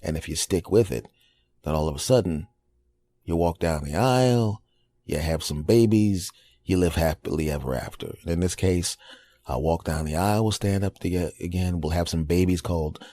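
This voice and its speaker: A man's voice: sits low, mellow. A man in his forties hosting a podcast, telling a casual monologue and acting out little quoted reactions. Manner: conversational storytelling with acted-out quotes. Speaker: podcast host.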